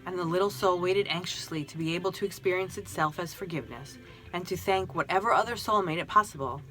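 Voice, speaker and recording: A woman reading a spiritual storybook aloud in a gentle, emotional manner. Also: lowish voice, fast, faint music behind.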